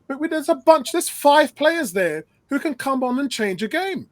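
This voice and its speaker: High-voiced, emphatic man. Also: big pitch swings, moderate pace. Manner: emphatic, repeats phrases. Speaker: podcast guest. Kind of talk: casual football chat.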